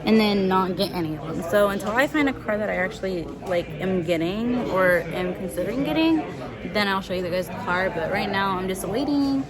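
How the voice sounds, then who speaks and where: Over a noisy crowd, a young woman talks briskly in a mid-range voice, filming a casual vlog on her phone as she shops for cars in dealership lots and showrooms. She's chatty and excited yet a little tired, full of "like" and "guys," while kids play and people talk loudly around her.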